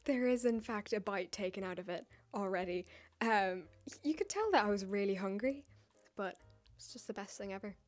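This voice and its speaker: In her mid-range, animated voice, a British baker vlogs from home with a tripod camera, teasing herself and slipping in casual asides in her English accent. The pace is moderate, and faint music plays in the background.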